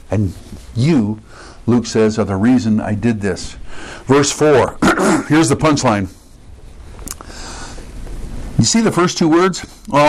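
A man's voice: mid-range voice, rough recording. A man preaching an expository sermon, stressing key words and putting questions to his listeners.

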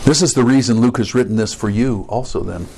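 A man's voice: mid-range voice, fairly quick, gravelly, background noise. Man preaching a verse-by-verse sermon. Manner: teaching, stresses key words, asks the listeners questions. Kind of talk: expository sermon.

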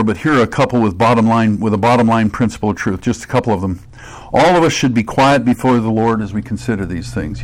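Over slight background noise, a pastor gives a sermon in an earnest, direct manner. He lets his voice fall low and quiet, then rises into emphatic, high bursts, sometimes playing the parts of imagined listeners.

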